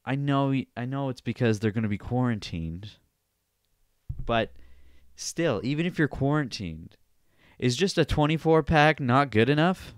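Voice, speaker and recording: A man's voice: mid-range voice, expressive, measured pace, smooth, no room sound, studio quality. A young man hosting a solo podcast, ranting casually with plenty of swearing and sarcasm. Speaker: podcast host.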